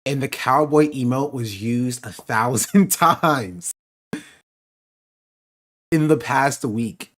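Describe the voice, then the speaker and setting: Streamer guy chatting w his viewers, casual and laughing, normal pitch. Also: slow pace, pauses often, a bit bright. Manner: chatty, laughing asides to chat. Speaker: streamer host.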